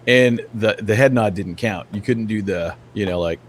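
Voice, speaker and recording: A man's voice: mid-range voice, moderate pace, few pauses. A man co-hosting a podcast, easygoing and chatty, peppering his talk with "dude". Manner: laid-back, lots of "dude" and "you know". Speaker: podcast co-host. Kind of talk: casual chat.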